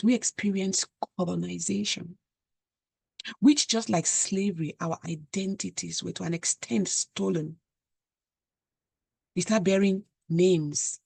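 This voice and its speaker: African-accented woman host, low husky gravelly voice, dry close sound, earnest direct-address commentary. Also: darkish tone, no echo. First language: an African language. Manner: earnest, addresses the viewer as "you".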